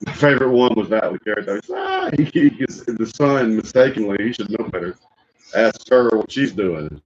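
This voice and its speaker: A man hosting a reaction stream, chatting casually and telling animated stories with frequent laughter. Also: lowish voice, normal speed. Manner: animated storyteller who laughs often and slips into impressions. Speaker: stream host reacting to videos. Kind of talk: casual chat. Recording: muffled lo-fi audio.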